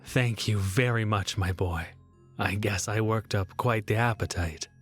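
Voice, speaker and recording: A man voicing a starving, sly fake Santa's helper in a horror story, speaking hushed and wheedling. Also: on the low side, lively intonation, a little slow, soft background music. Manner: hushed, wheedling, sometimes sing-song.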